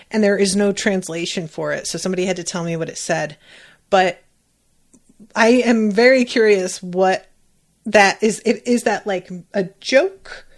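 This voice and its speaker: Chatty animated woman podcast host. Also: medium pitch. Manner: chatty, animated, swears freely. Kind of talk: casual reaction commentary.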